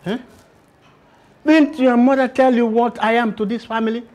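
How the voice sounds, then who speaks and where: A man's voice: very high-pitched, fairly even intonation, normal speed, darkish tone. An older man playing a smug, persistent suitor in a film drama. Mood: indignant. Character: pushy older male suitor, smug and indignant. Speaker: older family friend suitor.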